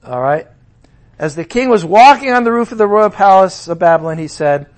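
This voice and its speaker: A middle-aged man preaching a sermon in an animated way, acting out the voices of the figures he quotes. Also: high voice, fairly quick.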